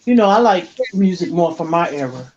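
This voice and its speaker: A speaker joining a casual chat, blunt and quick with short agreements. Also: medium pitch, expressive, darkish tone. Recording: dull lo-fi call audio.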